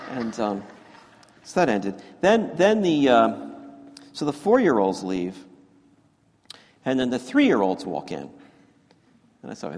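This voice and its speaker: A male pastor tells a children's story during a sermon, chatty and self-deprecating, with many fillers and restarts. His medium-pitched, slightly mellow voice swoops wildly in pitch at a slow pace with frequent pauses, and the church sanctuary makes it sound echoey.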